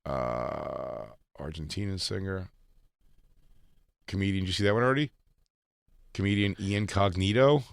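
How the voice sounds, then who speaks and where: A man with a lowish voice and a dry, close sound, riffing through a casual comedy podcast. He reads out news items and jokes darkly about them. He laughs a lot between his lines. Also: measured pace, gravelly, long pauses, clear, resonant tone, no room sound. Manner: laughs often, dark joking. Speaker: podcast co-host.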